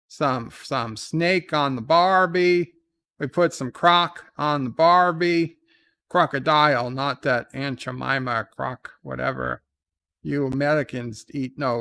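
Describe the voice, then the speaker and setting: A man voicing a boisterous Australian barbecue bloke with a put-on Australian accent, loud, boastful and rambling. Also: fairly high pitch, slow pace, vocal fry, heavily acted.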